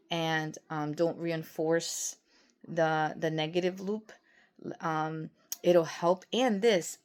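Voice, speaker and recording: A woman in her forties, a nurse practitioner, giving parenting advice in a casual, conversational way, often acting out little parent-and-teen exchanges. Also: on the low side. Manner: warm, conversational, acts out parent-teen dialogue, many restarts. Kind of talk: casual advice talk to camera.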